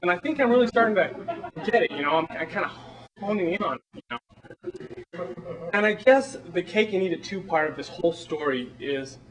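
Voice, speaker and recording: An actor playing a flamboyant, eager small-town theater director, chatty and rambling in a film monologue performance. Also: male voice, high-pitched, expressive, normal speed, a bit bright, distant mic, rough recording. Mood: gushing.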